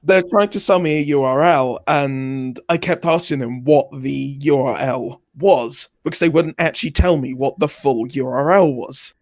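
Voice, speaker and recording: A man's voice: mid-range voice, moderate pace, few pauses, no echo. A man co-hosting a casual chat, telling a story in a dry, matter-of-fact way. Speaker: co-host.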